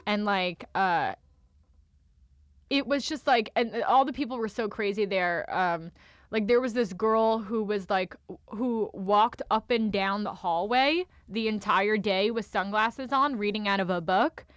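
A young woman who does stand-up tells a long story in loose, casual chat. She rambles and leans on filler words at nearly every turn. Her voice sits at an ordinary middle pitch, recorded dry and close with no room echo. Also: measured pace. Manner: rambling, filler-heavy with constant "like". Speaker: stand-up comedian.

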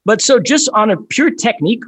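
Brisk, fairly high-voiced male co-host. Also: very animated, a bit bright, breathy edge, no echo. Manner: brisk, detailed, analytical explainer. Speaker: podcast co-host. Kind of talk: casual soccer podcast chat.

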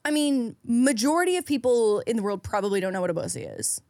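A woman's voice: fairly high pitch, expressive, quick pace, a little mellow, dry recording, clean studio sound. A young woman co-hosting a podcast, casual and giggly, rambling with restarts. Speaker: podcast co-host. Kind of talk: casual chat.

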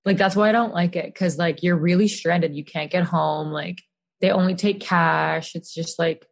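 Young female guest, lowish voice, loose filler-heavy chat. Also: steady tone, moderate pace, gravelly. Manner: casual, filler-heavy, trailing quieter. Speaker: podcast guest. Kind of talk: casual chat.

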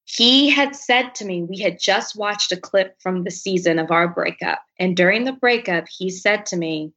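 A woman's voice: medium pitch, normal speed, few pauses. A woman guest on an interview podcast, telling a personal story candidly and animatedly, acting out the lines of other people. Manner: animated, acts out quoted speech. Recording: dull lo-fi recording.

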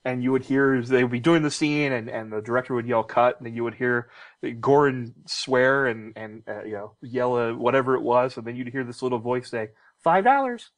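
A man with a mid-range voice tells behind-the-scenes stories at a rapid clip. He speaks as a TV producer on a panel, packing his sentences with fillers. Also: medium pitch, fairly even intonation. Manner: fast storyteller, heavy with fillers. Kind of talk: lively panel anecdotes.

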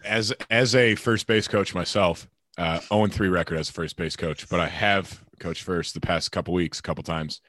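A man co-hosting a podcast, chatting casually with quick joking asides and acted-out quotes. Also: sits low, fairly even intonation, fairly bright tone, dry recording, studio quality. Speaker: podcast co-host, baseball player. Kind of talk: casual chat.

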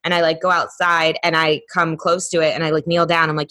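A woman's voice: low voice, flat delivery, fairly quick, bright, forceful tone. A woman co-hosting a podcast, telling stories in casual chat with lots of fillers, talking over a remote call microphone. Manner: chatty storyteller, many fillers. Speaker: podcast co-host.

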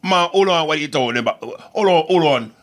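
A man putting on a loud, playful Jamaican accent, talking up and drawling his words. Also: fairly high pitch, animated, pitched above the performer's own voice, close to an everyday voice. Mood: boisterous. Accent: put-on Jamaican. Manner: boisterous, drawn-out, playful.

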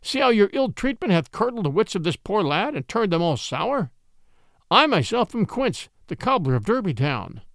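A man's voice: high voice, big pitch swings, normal speed, vocal fry, fairly bright tone, no room sound, studio quality, heavily acted. Man doing a merry swaggering outlaw. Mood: mock-innocent. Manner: jovial, archaic speech.

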